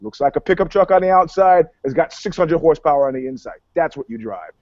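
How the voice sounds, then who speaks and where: A brash, higher-pitched man co-hosts a casual talk show, swearing freely and acting out both sides of every exchange. The sound is dry and close, with a slightly dull, muffled top end. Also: fast, no room sound. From New York. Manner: profane, animated storytelling, acts out dialogue. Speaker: podcast co-host, PR commentator.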